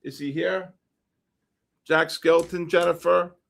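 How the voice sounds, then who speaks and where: A man hosting a livestream, reading out numbers and usernames for a giveaway and getting excited about each winner. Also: a little high, slow, creaky. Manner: excitable, shouts when names are drawn. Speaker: livestream host. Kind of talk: live-stream giveaway draw.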